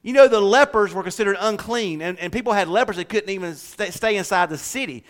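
A man pastor preaching a sermon in a church, animated, shifting from loud declarations to hushed asides with jokes. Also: high-pitched, brisk. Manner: animated, swings from shouting to hushed, joking asides.

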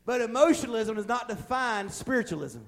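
Fervent high-voiced male preacher. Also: expressive, a little fast, creaky. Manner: fervent preaching that swells from quiet to loud; folksy, plain-spoken, with humorous asides. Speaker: pastor. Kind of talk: sermon. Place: church.

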